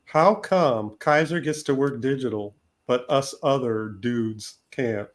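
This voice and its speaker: A man's voice: mid-range voice, takes it slowly. A man co-hosting a casual chat and reading out viewer comments, with a dry wit. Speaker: co-host.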